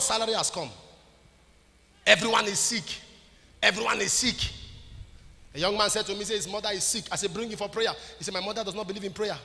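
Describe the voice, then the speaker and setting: A man's voice: high voice, fairly quick, pauses often, bright, forceful tone. A man preaching a sermon as a pastor, urging the congregation to repeat his words after him. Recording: long hall reverb with faint ambient noise.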